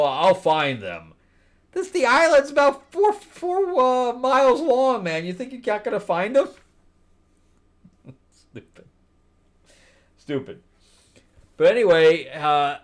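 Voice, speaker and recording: Man, comic review host, blunt, exasperated, frequent laughter, mutters then rises loudly. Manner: blunt, exasperated, laughs often, swings from low mutter to loud disbelief. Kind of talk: casual spoken review commentary.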